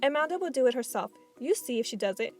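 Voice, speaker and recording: Clever little girl read by a woman, earnest, explaining, high voice, storybook, faint music. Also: animated, fast. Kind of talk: audiobook reading.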